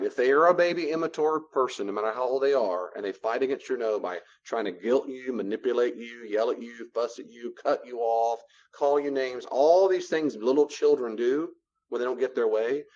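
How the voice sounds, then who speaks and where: A man teaching a room full of people, his voice sitting in a middle pitch. The recording is dull and lo-fi. He lectures in an animated way, playing both people in short exchanges to make his points. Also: moderate pace. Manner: animated, acts out both sides of dialogues. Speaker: counselor teaching a class. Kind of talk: classroom lecture with role-play examples.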